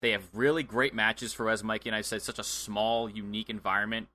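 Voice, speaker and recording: A man co-hosting a wrestling podcast, excitable and chatty, with plenty of fillers. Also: lowish voice, brisk. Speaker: podcast co-host. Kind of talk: casual chat.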